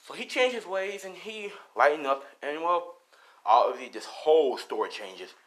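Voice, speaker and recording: A man's voice: fairly high pitch, expressive, normal speed, a bit bright, low-quality recording. A man casually retelling a fan-made story, rambling, with fillers and swearing. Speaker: channel host.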